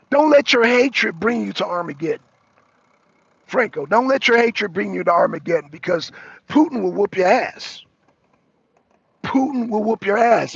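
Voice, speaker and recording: Brief: American male talk show host, very high gravelly voice, dry close mic, heated repetitive political rant. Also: fairly bright tone, no echo, muffled recording. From United States. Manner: profane, repetitive, raising his voice. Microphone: streaming microphone.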